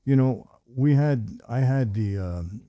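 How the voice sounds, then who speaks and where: An older man hosts a sit-down talk, spinning long stories and voicing the people in them. His tone is mellow and relaxed. The sound is close and dry. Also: mid-range voice, slow pace, no room sound. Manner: animated storyteller acting out quoted dialogue. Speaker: host. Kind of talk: conversational storytelling.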